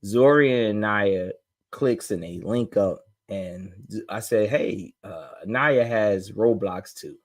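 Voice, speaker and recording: A man co-hosting a casual podcast, telling animated stories and acting out his parents' voices. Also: lowish voice, slow. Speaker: podcast co-host. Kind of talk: casual chat.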